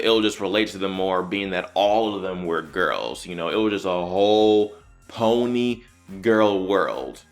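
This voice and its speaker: A man's voice: sits low, fairly bright tone. A man rambling with many fillers as a reaction panelist. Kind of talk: casual chat.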